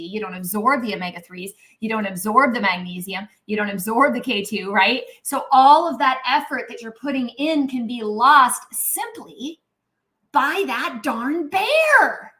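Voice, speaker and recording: A middle-aged woman, a naturopathic doctor, talking casually and animatedly in a live Q&A, with lots of "um" and "right?", now and then clearing her throat. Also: fairly high pitch. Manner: chatty and animated, acts out inner voices; frequent "um" and "right?" tags.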